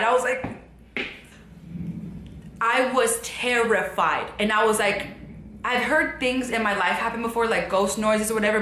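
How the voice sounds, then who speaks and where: A young woman telling a personal story in casual, rambling style, full of fillers, dropping to a hush and then rising again. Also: medium pitch, reverberant. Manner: rambling, filler-heavy, shifts from hushed to animated. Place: her apartment.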